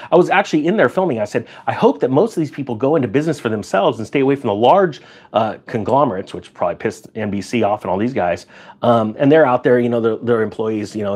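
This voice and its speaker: A man recounting an encounter in a casual talk, acting out what others said with big jumps in his voice. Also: husky. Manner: animated storytelling, acts out quoted people with pitch jumps. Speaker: commentator recounting an event. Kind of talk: casual spoken recap.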